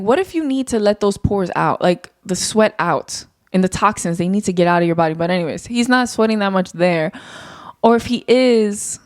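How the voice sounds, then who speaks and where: A young woman talks through a solo podcast episode, unscripted and candid, drifting from thought to thought and swearing now and then. Her pitch sits in an ordinary middle range but jumps up when she gets worked up. The sound is dry and close, with no room around it. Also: dry recording. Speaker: podcast host. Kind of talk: casual solo podcast monologue.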